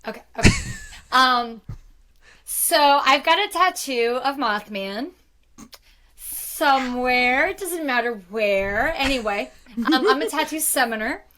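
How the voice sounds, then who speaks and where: A woman's voice: high-pitched, animated, slow, background noise. A woman playing in an online tabletop game, telling her character's actions in a chatty, self-amused way with rambling asides. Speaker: player.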